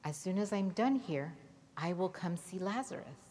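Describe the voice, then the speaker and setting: A woman voicing a gentle, calm grown man who comforts his friends, in a children's Bible story. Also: on the low side, moderate pace, natural voice. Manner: gentle, reassuring. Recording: reverberant hall.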